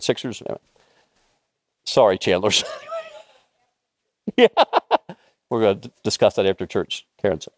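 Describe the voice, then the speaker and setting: A man in his fifties preaching a conversational, storytelling sermon with bursts of excitement. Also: on the low side, no echo, clean studio sound. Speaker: pastor.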